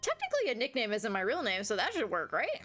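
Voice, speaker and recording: A woman's voice: fairly high pitch, quick pace, soft background music. A young American woman streaming a visual novel, reading its lines aloud and breaking off into chatty, giggly commentary. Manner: chatty, giggly, reads game lines aloud with animated asides. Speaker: gaming streamer.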